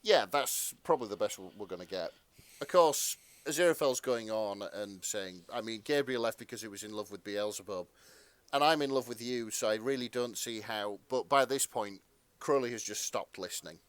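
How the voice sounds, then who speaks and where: A man co-hosting a podcast, casually reading fan fiction aloud with relaxed asides and the odd swear. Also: lowish voice, normal speed, no echo. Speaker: podcast co-host.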